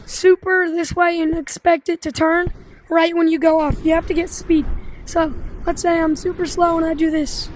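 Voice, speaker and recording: Very high-pitched young gaming YouTuber. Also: female voice, slight background noise. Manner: chatty, rambling, lots of fillers. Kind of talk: casual gameplay commentary.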